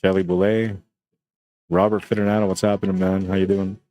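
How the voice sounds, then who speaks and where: A man doing relaxed, chatty play-by-play commentary on a live pool stream, often tagging his lines with "man.". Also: deep voice, brisk, no echo. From Canada.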